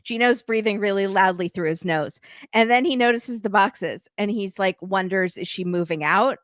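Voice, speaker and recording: A woman's voice: mid-range voice, moderate pace, no room sound. Woman podcast host recapping tv, wry, does all the quotes, dry close mic sound. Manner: retells scenes acting out quotes, wry. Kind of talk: casual recap chat.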